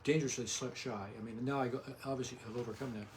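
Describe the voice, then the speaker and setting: An older man, an artist, chatting softly in a small home studio, often trailing off and restarting his sentences. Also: medium pitch, steady tone, rapid-fire, slight background noise. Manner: soft-spoken, trails off and restarts. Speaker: artist guest. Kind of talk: casual interview.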